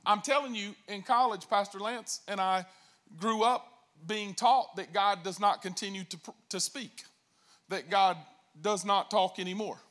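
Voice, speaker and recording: A man preaching a sermon as pastor, telling jokes and stories in a lively way and acting out quoted voices. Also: high voice, a little slow. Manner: animated, joking storytelling with acted-out voices.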